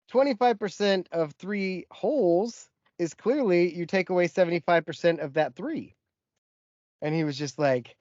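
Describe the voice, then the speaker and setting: A man co-hosting a podcast, telling a story with lively acted-out quotes in casual chat. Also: fairly high pitch, normal speed, no echo, muffled recording. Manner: animated storyteller, acts out quotes. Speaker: podcast co-host.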